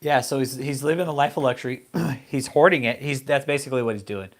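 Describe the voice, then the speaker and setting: A man's voice: medium pitch, fast. A man hosting an online commentary show, ranting angrily and profanely at a preacher, mocking him with insults. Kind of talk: casual profane rant.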